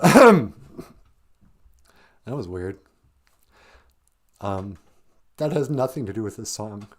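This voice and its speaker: A man's voice: lowish voice, animated, measured pace, mellow. A man hosting a live podcast, telling a rambling, self-deprecating story in a casual, conversational way before playing a song. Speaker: podcast host and musician.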